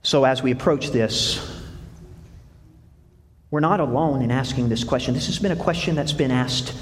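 A man's voice: medium pitch, normal speed, roomy sound, long reverb tail. A man preaching a sermon, reading scripture aloud and putting questions to the congregation. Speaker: pastor.

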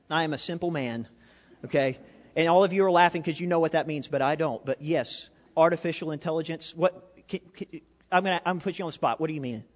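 A man's voice: sits high, a bit bright. A man preaching a sermon, asking the congregation questions and telling a story along the way. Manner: interactive, asks audience questions, storytelling. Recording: reverberant hall.

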